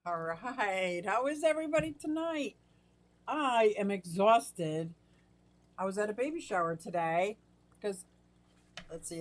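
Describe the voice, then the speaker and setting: A middle-aged woman hosting a casual live stream from her fish room at home, chatting away and greeting viewers by name. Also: mid-range voice. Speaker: aquarium hobbyist live-stream host.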